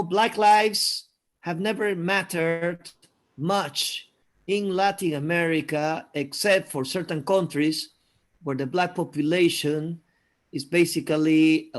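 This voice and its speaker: Measured Peruvian-born man, slow and hesitant. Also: fairly high pitch. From Peru. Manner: thoughtful, hesitant with many fillers. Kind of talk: casual conversation. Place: live video call.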